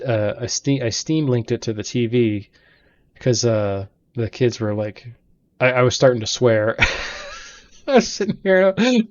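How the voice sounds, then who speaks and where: A man's voice: medium pitch, lo-fi sound. Rambling man telling gaming stories. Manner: rambling, chatty storytelling. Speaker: let's play host. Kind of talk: casual gaming commentary. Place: home gaming room.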